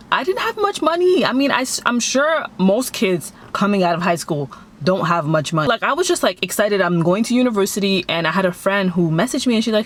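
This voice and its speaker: A young woman from Canada chatting casually as she tells a story, animated and acting out the voices of others. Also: fairly low pitch. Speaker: vlogger.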